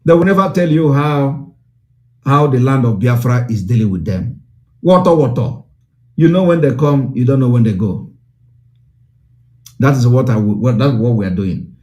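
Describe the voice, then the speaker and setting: A man's voice: mid-range voice, lively intonation, moderate pace, long pauses, a little mellow. A man with a Nigerian accent giving an impassioned broadcast address, fiery and declamatory with lots of repetition. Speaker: political broadcaster.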